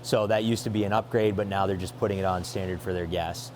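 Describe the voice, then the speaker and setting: Eager low-voiced man giving a tour. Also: steady tone, fast, a little mellow, a little hiss or hum. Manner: eager, filler-heavy, self-correcting. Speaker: dealership host showing a trailer. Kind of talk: casual walkthrough with a colleague.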